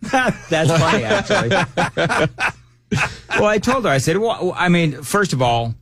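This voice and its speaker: A man in his fifties hosts morning radio. He jokes and laughs a lot, and his fairly high voice swings up and down with lively, animated pitch. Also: a little slow, dry recording, studio quality. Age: 50s. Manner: jokey, laughs often, animated storyteller. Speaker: radio show host. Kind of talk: casual morning radio banter.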